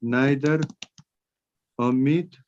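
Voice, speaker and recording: A man with a Nepali accent teaching English grammar in an online class, dictating sentences slowly word by word. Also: mid-range voice, a little mellow, lo-fi sound, slight background noise.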